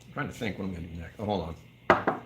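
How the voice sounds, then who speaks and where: Talking fast in a low voice, the US whiskey channel host livestreams from an indoor whiskey bar, chatting loosely, joking and going through viewer comments. The recording is very noisy.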